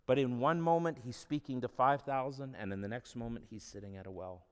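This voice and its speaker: A man's voice: medium pitch, brisk, smooth. Conversational male preacher in a reverberant hall. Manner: conversational, humorous storytelling. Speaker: pastor. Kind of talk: sermon.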